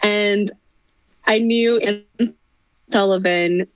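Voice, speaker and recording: Woman guest, lively storyteller, laughs often; dry, slightly dull remote audio. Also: medium pitch, very slow, smooth, dry recording. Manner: animated, chatty, frequent laughter. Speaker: guest performer. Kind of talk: casual interview storytelling.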